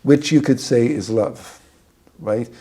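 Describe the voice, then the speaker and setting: A man's voice: mid-range voice, takes it slowly, warm tone, husky. A man, a rabbi, giving an informal talk to a small group, rambling through a story with many restarts.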